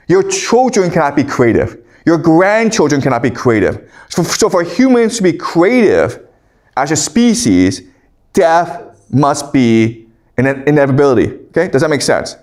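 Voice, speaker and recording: A man's voice: fairly high pitch, a little mellow. A man giving a classroom lecture, reading scripture aloud and paraphrasing it loosely, often checking in with the class by asking "okay?". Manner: conversational, frequent "okay?" check-ins.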